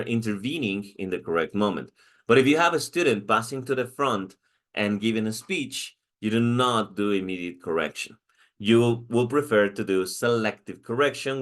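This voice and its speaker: A man with a Mexican accent, Spanish his first language, delivering a recorded lecture to teachers in training. His voice sits on the low side, and he explains step by step, restarting phrases and checking understanding with "okay?". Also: fairly bright tone.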